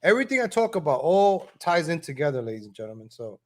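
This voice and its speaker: Brief: man, higher-pitched voice, casual live-stream host, chatty and scolding. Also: very animated, fast talker. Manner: talks straight to viewers, scolding and chuckling; repeats himself with tag questions.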